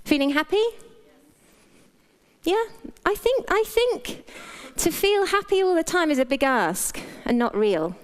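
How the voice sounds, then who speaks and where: A woman's voice: very high-pitched, big pitch swings, a little slow. A middle-aged British woman, a doctor, giving a frank, playful motivational talk in a conversational way. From Britain. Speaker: doctor and speaker.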